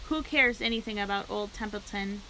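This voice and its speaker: A woman's voice: medium pitch, brisk, bright, forceful tone, slight background noise, rough recording. Woman doing a lazy, sarcastic grumbling rat. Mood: mocking. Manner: sarcastic, mocking and complaining.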